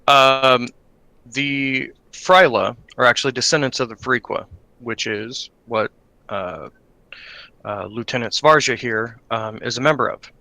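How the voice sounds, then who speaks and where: Hesitant game master, gravelly and bright. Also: male voice, medium pitch, measured pace, no echo. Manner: rambling, hesitant with many fillers. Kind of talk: narrating a tabletop game in character.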